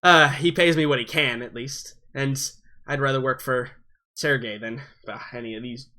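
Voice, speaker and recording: A sarcastic, sharp-tongued woman mechanic, as a man puts her on during a tabletop game. Her bright, forceful voice throws jabs. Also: mid-range voice, fairly even intonation, normal speed, close to an everyday voice. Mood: teasing. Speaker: game master.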